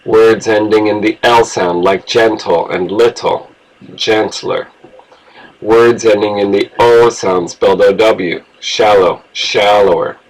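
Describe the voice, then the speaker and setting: Man, english teacher, low voice, very slow, patient, spells out words. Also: poor audio. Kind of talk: grammar lesson review.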